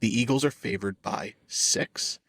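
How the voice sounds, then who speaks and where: A young man in an easygoing sports chat, his voice sitting in an ordinary middle pitch. He talks loosely, with plenty of filler words. The recording is close and dry. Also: a little slow, fairly bright tone, dry recording. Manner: laid-back, rambling, lots of filler words. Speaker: podcast co-host.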